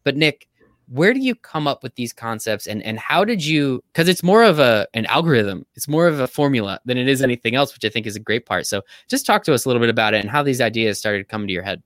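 A man's voice: mid-range voice, lively intonation, quick pace, fairly bright tone, dry recording, studio quality. A man hosting a sports betting podcast, chatting casually and hyping his guests. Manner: upbeat, hypes guests and recaps picks. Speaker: podcast host.

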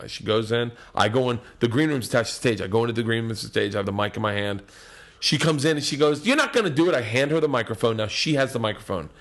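A middle-aged man telling wild stand-up stories in a casual, profane talk, swinging between loud and hushed. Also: medium pitch, fast. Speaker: guest comedian. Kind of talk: casual podcast storytelling.

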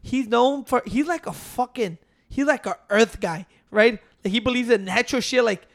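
Man, very high voice, casual co-host, teasing, profane, mixed English and Spanish. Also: normal speed, gravelly. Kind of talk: casual chat.

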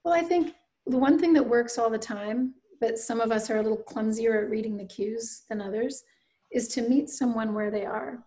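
A woman's voice: fairly high pitch, moderate pace, warm tone, rough recording. Earnest woman telling her story. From Canadian Maritimes. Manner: earnest, storytelling, acts out quoted voices. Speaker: guest, bereaved mother and author. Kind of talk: reflective interview conversation.

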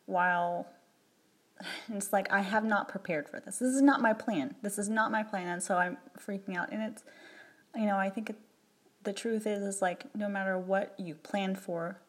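A woman talking candidly to camera in a personal vlog, reflecting in a rambling, emotional way with many restarts. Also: medium pitch. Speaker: vlogger.

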